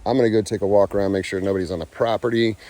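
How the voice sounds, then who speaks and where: A man's voice: on the low side, fairly even intonation, rapid-fire, noisy background. A man talking casually and profanely in a vlog, coaxing his animals between remarks to the camera outdoors. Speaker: animal keeper vlogger. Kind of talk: casual unedited vlog talk.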